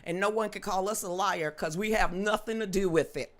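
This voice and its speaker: A woman's voice: mid-range voice, fairly quick. A middle-aged woman hosting a live political commentary stream, talking in a gloating, mocking way and breaking into sing-song chants. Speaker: host.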